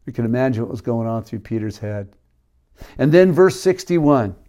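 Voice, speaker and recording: A man's voice: medium pitch, mellow. A man preaching a sermon, reading scripture aloud and explaining it with casual asides. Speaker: pastor.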